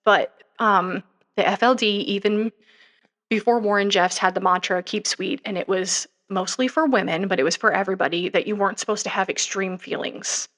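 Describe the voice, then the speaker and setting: A woman's voice: medium pitch, normal speed, fairly bright tone. A young woman co-hosting a podcast, retelling a story in a casual, rambling way with lots of fillers and asides. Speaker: podcast co-host. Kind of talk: casual true-crime chat.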